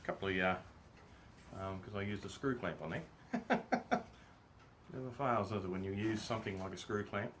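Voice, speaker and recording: A man's voice: lowish voice, moderate pace, long pauses, fairly bright tone, a little hiss or hum. A man, chatting casually and jokingly while he works on a woodworking project, often laughing at himself. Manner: jokey, chuckling, self-deprecating. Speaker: woodworking vlogger. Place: home workshop.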